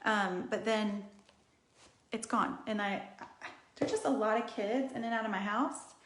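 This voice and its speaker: A woman's voice: medium pitch, unhurried, slight background noise. A woman in her thirties hosting a casual live makeup tutorial from her home, rambling and chatty as she reads out viewer comments. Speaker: beauty livestream host. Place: room in her home, indoors. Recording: roomy echo of a home room.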